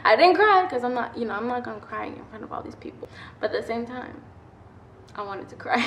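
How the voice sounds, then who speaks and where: A young woman telling a personal story in a casual vlog, chatty and animated, acting out quotes and laughing often. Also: on the high side, normal speed. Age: young adult. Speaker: vlogger. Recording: echoey room.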